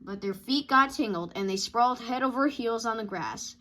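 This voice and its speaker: A woman reading a children's picture book aloud in an expressive way. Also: on the high side, moderate pace. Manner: expressive, sound-effect dings between pages. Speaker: storybook reader.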